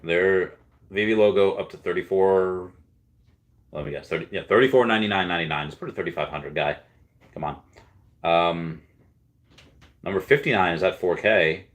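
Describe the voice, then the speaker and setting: Male streamer, deep voice, casual and hesitant, reading chat aloud. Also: moderate pace, pauses often. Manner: chatty, hesitant, repeats words while thinking. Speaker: livestream host. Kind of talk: casual live chat, reading viewer comments.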